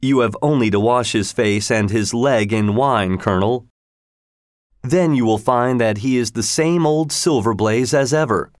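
A calm, cryptic detective who speaks quietly and evenly, read aloud by a man. His voice sits at an ordinary middle pitch, in a dry, close recording. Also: measured pace, no room sound, natural voice.

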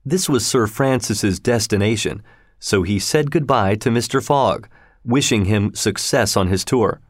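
A man narrating a classic adventure story as an audiobook reader, in a steady, measured storytelling manner. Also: lowish voice, dry recording, clean studio sound.

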